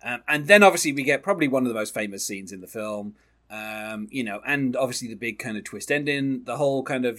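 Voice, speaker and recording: Bright-toned man sharing film trivia. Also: mid-range voice, a little fast. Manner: relaxed, explanatory, with many ums. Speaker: podcast co-host. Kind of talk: casual film discussion.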